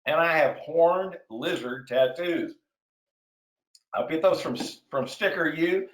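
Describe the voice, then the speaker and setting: A man giving a sales webinar in an energetic, excitable way, getting wound up and then reining himself in. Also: a little high, takes it slowly, echoey room, low-quality recording. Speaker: sales trainer hosting a webinar.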